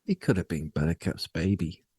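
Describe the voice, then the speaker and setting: A man's voice: low voice, animated, moderate pace, dark tone, breathy edge, dry recording. A man co-hosting a casual film review chat, dryly pointing out details and trivia with a teasing edge. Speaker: podcast co-host.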